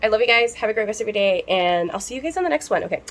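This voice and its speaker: A woman's voice: medium pitch, animated, rapid-fire. Young woman vlogger, fired-up, swears freely, rambles through a rant straight to camera. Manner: heated, profane, rambling with many fillers.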